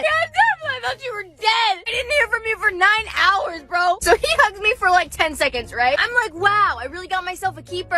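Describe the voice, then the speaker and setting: A young woman telling a casual storytime to her phone camera in a chatty, animated way, full of "like". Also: extremely high pitch. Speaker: TikTok creator.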